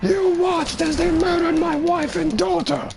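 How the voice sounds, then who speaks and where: A man voicing a frantic, panicked male warrior who yells high-pitched denials, as a mocking parody of a game character. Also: fairly even intonation, unhurried, creaky, music in the background, heavily acted. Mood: frantic shrieking. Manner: shrieking, high-pitched yelling.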